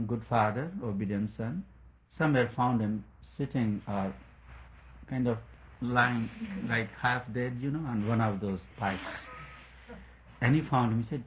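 Man, spiritual talk, storytelling lesson, chuckles often, halting fillers, muffled lo-fi sound. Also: mid-range voice. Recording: dull lo-fi recording, faint noise.

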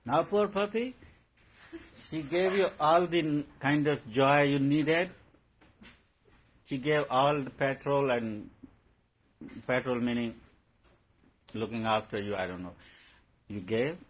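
A man's voice: mid-range voice, takes it slowly, pauses often, slightly rough. A man, a spiritual teacher talking to followers in a playful, laughing way, acting out everyday scenes. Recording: dull lo-fi recording, faint background hum.

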